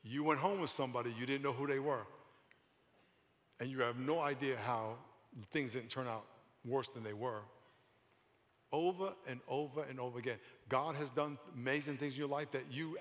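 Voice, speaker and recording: A man, a pastor, preaching a lively sermon, often laughing and repeating phrases for emphasis. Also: medium pitch, moderate pace. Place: large church sanctuary. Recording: long hall reverb.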